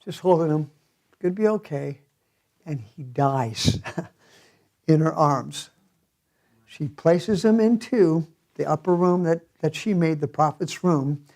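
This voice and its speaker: A man preaching a sermon as pastor in a church, telling the story in an animated way and chuckling often. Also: fairly high pitch, takes it slowly, long pauses.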